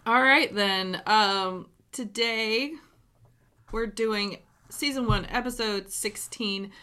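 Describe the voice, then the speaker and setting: A woman's voice: medium pitch, takes it slowly, pushed and bright, clean tone. A woman co-hosting a casual rewatch podcast, leading the episode rundown and laughing often. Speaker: podcast co-host.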